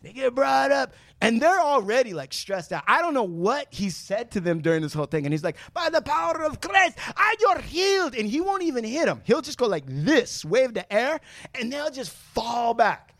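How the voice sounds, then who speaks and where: A man hosting a casual podcast, telling a loose, joking story full of swearing. His voice sits high and swoops all over the place as he gets worked up. The sound is dry and close, with little room around it. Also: normal speed, gravelly, no room sound. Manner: animated, profane, joking storyteller. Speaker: podcast host.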